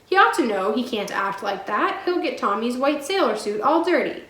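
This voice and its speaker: A woman voicing a wild, cheerful, strong young girl who talks loudly and bossily. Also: on the high side, very animated, moderate pace, echoey room. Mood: cheeky. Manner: loud, shrieking and bossy.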